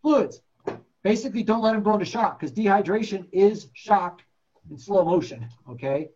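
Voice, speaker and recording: A man's voice: high-pitched, animated, a little fast, dark tone, breathy edge, muffled recording. A man teaching paramedics in a classroom lecture, blunt and joking, acting out patient stories. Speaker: paramedic instructor.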